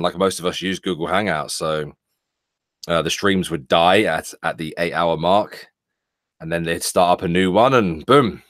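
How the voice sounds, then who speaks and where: A man with a London accent co-hosts a casual live stream, his low voice recorded close and dry. He answers chat with dry, teasing remarks and rambling stories. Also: fairly bright tone, dry recording. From England. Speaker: co-host of a live stream show.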